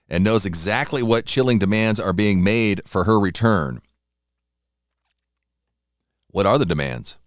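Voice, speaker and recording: Low-voiced chatty radio host, dry sound. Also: male voice, expressive, unhurried, pauses often, no room sound. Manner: rambling, chatty, talks while eating. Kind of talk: casual solo radio talk.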